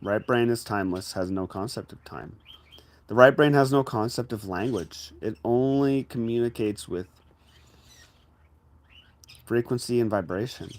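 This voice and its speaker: A man giving a casual spiritual talk in a reflective, conversational way, addressing the listener directly and sometimes bursting into loud acted-out inner voices. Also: mid-range voice, unhurried, pauses often. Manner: acts out inner voices with sudden loud exclamations. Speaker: spiritual teacher.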